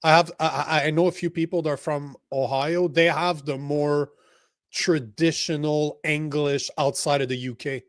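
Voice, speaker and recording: Man, native French speaker, blunt and profane, fairly high voice, dry close sound. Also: steady tone, normal speed, no room sound. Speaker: livestream host. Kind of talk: casual political chat.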